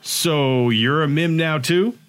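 A man voicing a gruff, cynical male private investigator in an audiobook, sardonic and grumbling. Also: a little high, slow. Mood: skeptical.

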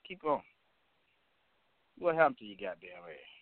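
A man's voice: mid-range voice, sing-song, measured pace, no room sound. Cursing man on a tinny phone line. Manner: cursing, combative, repetitive. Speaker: phone-line talk show host. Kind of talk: profane rant on an open phone line.

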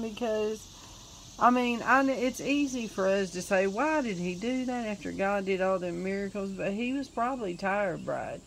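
A woman's voice: mid-range voice, moderate pace, creaky, slight background noise, low-quality recording. A woman hosting a Bible study, reacting with emotion and reflecting aloud. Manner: emotional, exclaiming and reacting often. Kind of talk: casual devotional commentary.

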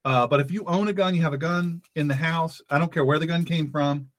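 A man's voice: on the high side, fairly quick. A man hosting a talk radio show, speaking as a pastor in a fervent, emphatic monologue that repeats phrases for effect.

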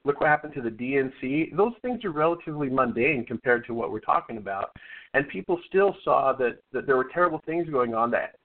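Radio caller, man, mid-pitch, earnest and argumentative, heard through a phone line. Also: animated, brisk. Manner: earnest, argumentative, frequent restarts. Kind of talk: call-in phone conversation. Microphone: telephone.

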